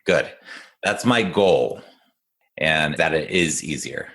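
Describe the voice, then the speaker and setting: A man working as an executive function coach, talking casually in a podcast and explaining ideas in an encouraging way with animated storytelling. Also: extremely low pitch, takes it slowly, vocal fry.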